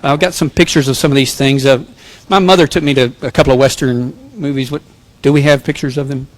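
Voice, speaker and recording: A man's voice: mid-range voice, fairly even intonation, fast talker, no echo. A male pastor giving a sermon, telling jokes and self-deprecating personal stories. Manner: joking, self-deprecating storyteller.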